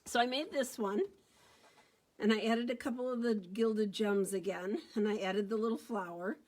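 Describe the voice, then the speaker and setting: A woman's voice: medium pitch, steady tone, moderate pace, darkish tone. A middle-aged woman demonstrating card-making on a casual live stream, chatty and upbeat, greeting viewers by name as she talks into her phone.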